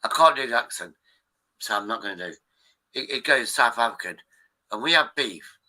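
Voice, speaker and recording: A man's voice: mid-range voice, animated, fairly quick, pushed and bright, low-quality recording. A man hosting a live stream, rambling in casual chat with his viewers, swearing freely and restarting his sentences often.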